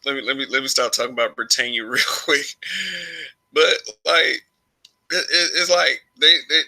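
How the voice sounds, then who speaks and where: Bright-voiced man ranting casually. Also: medium pitch, poor audio. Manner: rambling, frequent restarts and laughs. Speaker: YouTube commentator. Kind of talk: casual opinion monologue.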